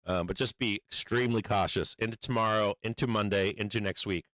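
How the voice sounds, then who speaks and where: A man's voice: lowish voice, steady tone, fairly quick, a bit bright, dry recording, poor audio. A man giving casual livestream market commentary, blunt and profane, rambling with many fillers and urgent warnings. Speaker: stock market streamer.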